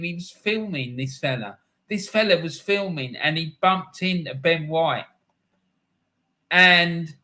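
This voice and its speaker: A middle-aged man talks football on his live stream. His voice is bright and forceful and sits a little high. He rambles through anecdotes and laughs often. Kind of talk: casual live-stream chat.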